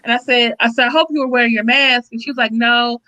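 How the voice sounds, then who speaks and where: A woman co-hosting a live-stream chat, an animated storyteller who acts out the voices of the people she quotes. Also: fairly high pitch, fast, rough recording. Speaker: co-host, online teacher.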